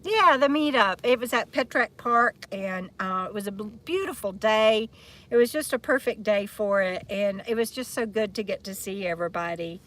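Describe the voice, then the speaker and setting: A woman's voice: mid-range voice, moderate pace, a bit bright. A woman from Texas, chatting casually and rambling on a live stream while sitting outdoors by an RV, laughing often and talking into a handheld phone. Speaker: vlogger hosting a live chat. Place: outdoors in the shade beside an RV.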